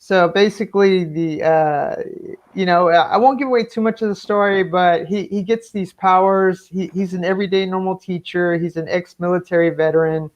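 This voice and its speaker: A man's voice: sits high, normal speed. Hesitant man on a dull call line. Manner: rambling, hesitant, many fillers and restarts. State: voice cracking from talking. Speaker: guest comic artist. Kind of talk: casual interview chat.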